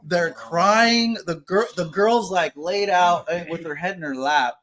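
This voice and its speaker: Male podcast host, slightly high voice, rambling self-mocking storyteller, casual chat. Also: a little slow. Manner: rambling, self-mocking, acts out quotes loudly.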